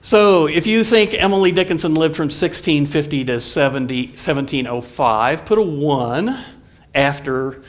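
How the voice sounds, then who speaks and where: A man, a college professor, lecturing a live audience in a friendly, halting way with frequent fillers and restarts. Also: a little high, animated.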